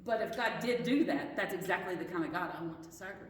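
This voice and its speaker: A woman's voice: fairly low pitch, animated, a little fast. Woman Bible study teacher, earnest and questioning, recorded from a distance in a roomy hall. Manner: earnest, questioning, restarts mid-sentence.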